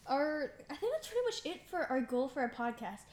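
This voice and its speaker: Playful, dramatic girl, slightly high. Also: sing-song, fairly quick, a little mellow. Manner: playful, self-described dramatic. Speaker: podcast co-host. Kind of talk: casual chat.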